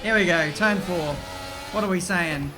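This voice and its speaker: An excitable man commentating his racing game, chatty and mildly sweary, with game music behind him. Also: high voice, normal speed. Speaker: gaming video creator.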